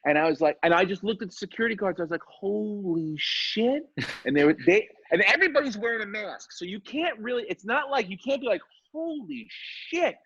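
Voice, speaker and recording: Animated storytelling man, lively pitch. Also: racing, hardly any pauses, slightly rough. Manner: animated, swearing, acts out voices in his stories. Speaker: podcast co-host. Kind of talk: casual storytelling chat. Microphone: remote call mic. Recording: dull lo-fi internet call audio.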